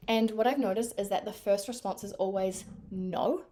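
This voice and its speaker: A young woman from New Zealand with a New Zealand accent, chatting casually to camera in an animated way with lots of fillers. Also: mid-range voice, moderate pace. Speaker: vlogger.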